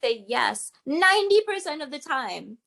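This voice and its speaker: A woman's voice: high-pitched, very animated, a little slow, vocal fry, a bit bright. A woman speaking as a guest, a public speaking coach explaining with emphatic, teacherly energy. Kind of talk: interview guest.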